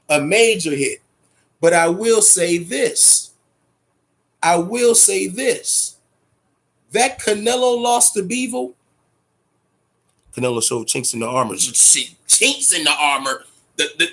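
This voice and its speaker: Male boxing host with a raspy, high-pitched voice; swears freely and hammers his points home. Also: a bit bright. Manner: profane, emphatic, repeats himself. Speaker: boxing talk show host. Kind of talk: casual boxing commentary rant.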